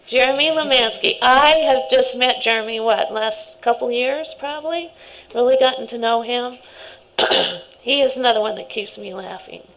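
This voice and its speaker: A middle-aged woman speaks at a scout ceremony, warm and rambling, breaking into laughing asides. Her voice sits a little high and carries a gravelly fry. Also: moderate pace, rough recording. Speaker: scout leader. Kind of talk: speech at a ceremony.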